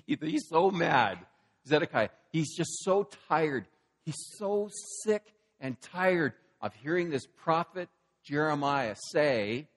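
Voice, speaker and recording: A man's voice: medium pitch, expressive, a little slow, big-room sound. A man preaching a sermon in a casual, storytelling way, acting out the scenes he describes. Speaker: pastor.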